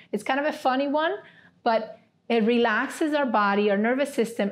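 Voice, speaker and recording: A woman who teaches yoga therapy leads a seated class, giving gentle step-by-step cues and often checking in with "right?". Her voice is fairly high.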